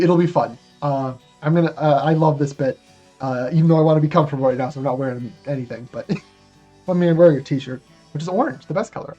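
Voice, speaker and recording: Chatty speedrunner, casual rambling commentary with lots of fillers. Middle pitch, slightly dull recording. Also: warm tone. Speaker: speedrunner submitting a run.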